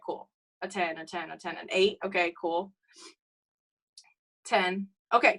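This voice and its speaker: A young woman giving an energetic motivational talk to her sales team, calling out "you guys" and "okay?" all the time. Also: on the high side, low-quality recording. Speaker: network marketing team leader.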